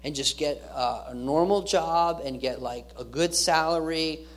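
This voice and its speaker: A man's voice: fairly high pitch, a little slow. A male pastor giving an earnest sermon, repeating key phrases and restarting his words as he preaches.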